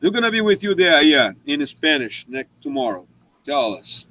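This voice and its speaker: Animated man chatting. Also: on the high side, normal speed, low-quality recording. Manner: animated storytelling with frequent restarts. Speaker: host. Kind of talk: casual live chat.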